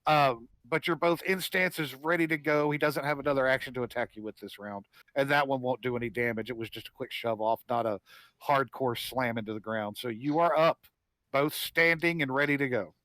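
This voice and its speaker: A man running a tabletop game as game master, narrating a fight with animated, vivid play-by-play. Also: medium pitch, a little fast, no echo, poor audio.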